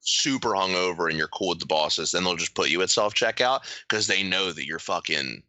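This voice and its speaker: A man's voice: deep voice, brisk, sharp tone, no echo. A young man co-hosting a comedy podcast, telling rambling stories and acting out what people said. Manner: rambling storyteller, acts out quotes. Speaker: podcast co-host. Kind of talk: casual comedic chat.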